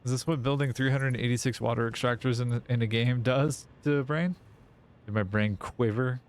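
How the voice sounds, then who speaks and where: A man's voice: mid-range voice, fairly even intonation, normal speed, smooth. Rambling, foul-mouthed male game streamer. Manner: rambling, self-mocking, swears often. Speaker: live streamer playing a factory game. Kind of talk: casual rambling stream chat.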